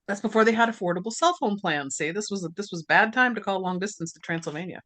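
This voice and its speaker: A woman's voice: mid-range voice, fast, few pauses, dry recording. A woman hosting a podcast, recapping a movie in casual chat and laughing often. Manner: laughs often, animated storytelling. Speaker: podcast host.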